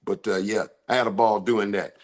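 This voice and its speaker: An older man hosting a casual sports talk show, loud and joking, drawling his football banter. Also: fairly low pitch, steady tone, moderate pace. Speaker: host, former football coach.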